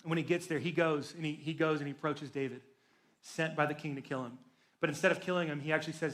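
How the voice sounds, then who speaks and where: A young man gives a youth sermon in a loose, animated storytelling way, with jokes to his teenage listeners. His voice sits high for a man. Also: quick pace. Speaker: youth pastor. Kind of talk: sermon to teens.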